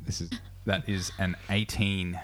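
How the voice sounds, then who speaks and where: A man's voice: deep voice, little pitch movement, measured pace, a bit bright. A young man narrating as game master, casual, with many fillers.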